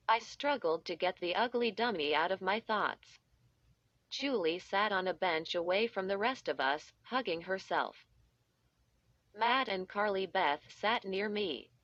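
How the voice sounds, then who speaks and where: A woman reading a spooky children's story aloud in the first person, measured and even. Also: mid-range voice, no room sound, lo-fi sound. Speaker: audiobook narrator. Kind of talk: scripted first-person narration.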